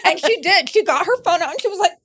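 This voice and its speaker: A woman telling a story on a podcast, animated and acting out the voices of the people in it. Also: extremely high pitch, fast talker, a little hiss or hum. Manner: animated, acts out voices in her stories. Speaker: guest.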